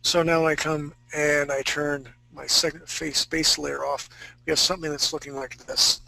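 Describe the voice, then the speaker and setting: A man's voice: fairly high pitch, little pitch movement, normal speed, vocal fry, pushed and bright, no echo, poor audio. A man teaching a live fantasy-art drawing class, talking casually and joking with his students. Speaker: art instructor.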